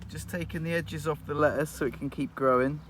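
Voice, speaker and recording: A man's voice: on the high side, steady tone, fairly quick, fairly bright tone, a little hiss or hum. A man vlogging in a casual chat to camera, telling stories with slangy, self-mocking humour.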